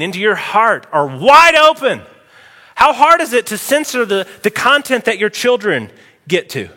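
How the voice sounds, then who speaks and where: High, bright-voiced preacher man, animated. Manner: animated, emphatic preaching with sudden loud outbursts. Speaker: pastor. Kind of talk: sermon. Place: church sanctuary. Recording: long hall reverb.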